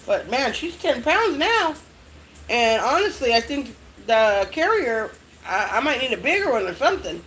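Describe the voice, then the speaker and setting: A woman's voice: on the high side, big pitch swings, normal speed, fairly bright tone, a little hiss or hum, poor audio. A middle-aged mother chatting casually to her viewers, rambling and swearing often. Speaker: vlogger. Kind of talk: casual chat.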